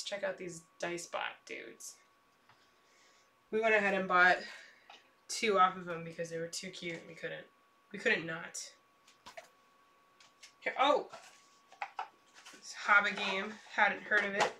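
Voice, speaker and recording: A young woman streaming herself unpacking board games in casual chat, excitable and prone to trailing off mid-sentence. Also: medium pitch, distant mic.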